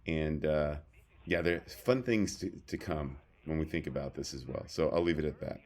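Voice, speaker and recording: A podcast co-host chats casually, spinning loose, rambling stories packed with fillers and restarts. His voice is extremely low and darkish, at a moderate pace.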